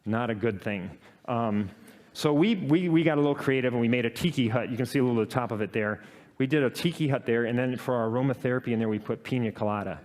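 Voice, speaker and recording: Guy telling a story in a talk, stops and starts a lot, laughs at himself, average pitch. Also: darkish tone. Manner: personal, halting storytelling with many fillers. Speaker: presenter telling a work story.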